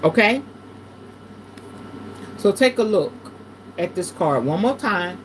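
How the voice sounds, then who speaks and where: Animated, salty woman reading tarot live. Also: medium pitch, takes it slowly, slight background noise. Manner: animated and preachy, swinging between hushed and loud; salty, uses curse words. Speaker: tarot reader hosting a livestream. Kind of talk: casual spiritual chat with tarot reading.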